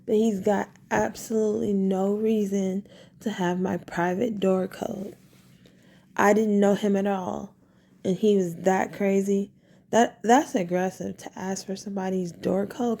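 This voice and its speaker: A woman's voice: mid-range voice, little pitch movement, moderate pace, vocal fry, dark tone. A woman vlogger telling a personal story in a casual, rambling way, trailing off and restarting, recorded at home in her bedroom. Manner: rambling, meandering, with frequent restarts.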